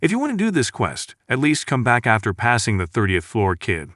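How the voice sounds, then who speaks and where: A man's voice: mid-range voice, wildly swooping pitch, fairly quick, fairly bright tone, no echo, studio quality. A man reading the lines of a brash dead warrior ghost who boasts and mocks, in a recap narration. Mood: annoyed. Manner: boastful, scolding, mocking. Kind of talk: recap narration with read-out dialogue.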